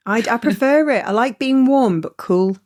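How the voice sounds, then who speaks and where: A woman's voice: a little high, expressive, normal speed, a little mellow. A woman hosting a podcast, chatting casually and teasing her guest with frequent laughter. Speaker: podcast host. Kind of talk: casual interview chat.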